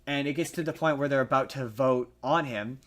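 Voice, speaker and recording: A man co-hosting a casual podcast, retelling a story in a rambling, animated way with lots of restarts. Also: medium pitch, a little fast. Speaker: podcast co-host.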